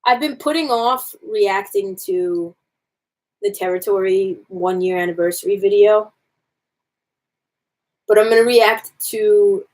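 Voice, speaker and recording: A woman's voice: mid-range voice, a little mellow. A woman on a casual live stream, reading jokes aloud and commenting on them to her viewers.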